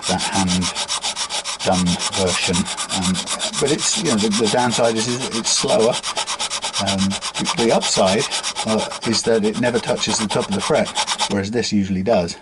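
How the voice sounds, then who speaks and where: A man with a lowish voice talks casually through a fret repair at his workbench, thinking aloud with plenty of fillers and restarts. Loud rasping from a file and sanding runs under his speech. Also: a little slow. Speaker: guitar repair technician. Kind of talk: casual workshop demonstration. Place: workshop bench. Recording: loud workshop filing noise. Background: file rasping and sanding on metal frets.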